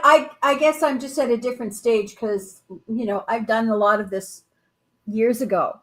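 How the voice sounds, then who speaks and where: Woman co-host, kinda high voice, easygoing and reflective, chill podcast chat. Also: normal speed. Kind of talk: casual spiritual chat.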